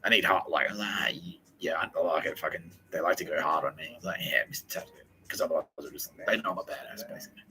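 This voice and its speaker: A man's voice: very deep voice, steady tone, fast talker, sharp tone, slight background noise, low-quality recording. A man in his forties hosting a podcast, rambling and joking with lots of swearing. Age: 40s. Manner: profane, jokey, rambling. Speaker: podcast host. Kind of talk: casual solo podcast monologue.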